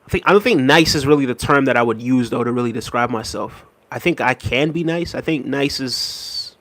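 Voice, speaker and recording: A man with a middle-pitched voice hosts a casual livestream, reading viewer comments aloud and thanking each one in an unhurried, easygoing manner. His voice is recorded close and dry, with no room sound. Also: no echo. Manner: relaxed, thanks viewers repeatedly, soft laughs. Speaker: livestream host. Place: New York City.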